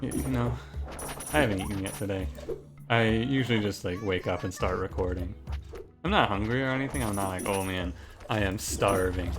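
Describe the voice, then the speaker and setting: Male game commentator with a lowish voice, loose and jokey, tends to restart sentences, music under him. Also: brisk. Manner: rambling, jokey, self-interrupting. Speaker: gaming commentator. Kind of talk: casual gameplay commentary. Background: background music.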